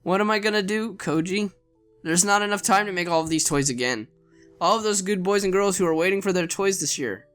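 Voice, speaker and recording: A man putting on a sweet, clumsy young Santa girl from a visual novel, her voice soft and faltering. She sits a touch higher than his usual register, with a bright, clear edge. Faint music plays underneath. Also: brisk. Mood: tearful. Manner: soft, tearful, faltering speech. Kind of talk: visual novel read aloud.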